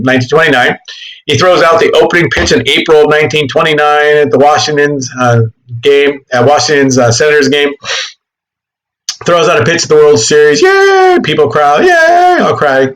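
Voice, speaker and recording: History teacher, male, slightly higher voice, animated, quips and self-corrections. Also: a little fast, poor audio. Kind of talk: classroom history lecture.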